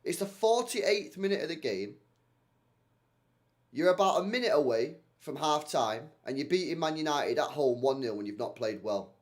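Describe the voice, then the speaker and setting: A man's voice: a little high, expressive, normal speed. A man running a live football reaction stream, blunt and slangy, swearing freely as he reacts to the play.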